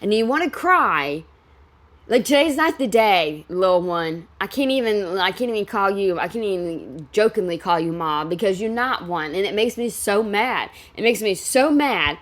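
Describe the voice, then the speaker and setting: A woman's voice: mid-range voice, animated, normal speed. A woman talks over a show clip in a blunt, profane rant. Her mid-range voice hammers the same points again and again. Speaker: reaction video host. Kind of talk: commentary reacting to a reality show clip.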